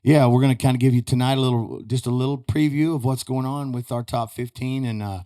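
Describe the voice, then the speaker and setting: A man's voice: medium pitch, fairly even intonation, quick pace, dark tone, clean tone. A man telling rambling, folksy stories as a guest in a studio. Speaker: podcast guest, retired rodeo roper. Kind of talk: casual chat.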